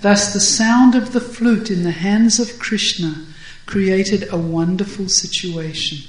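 A woman narrating a devotional story in a slow, deliberate way. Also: medium pitch, fairly even intonation, echoey room, slight background noise, poor audio.

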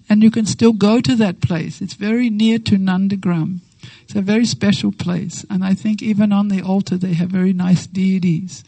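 A woman giving a devotional talk, telling a sacred story with lively acted-out quotes and slow, reverent phrasing. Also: mid-range voice, slightly rough, no echo, rough recording. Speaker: devotional speaker.

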